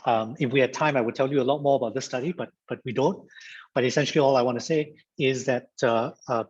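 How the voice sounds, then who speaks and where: A man's voice: medium pitch, quick pace, slightly rough, dull audio. A man from Singapore giving an interactive online lecture as a guest speaker, repeating phrases and joking like an auctioneer. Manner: lively, repeats phrases, auctioneer-style banter. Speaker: guest speaker at a mediation training. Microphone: video call.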